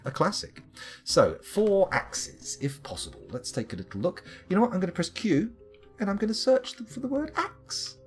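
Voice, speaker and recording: A man's voice: high-pitched, sing-song, normal speed, faint music behind. A man streaming a game live, chatting and joking as he reads items off the screen.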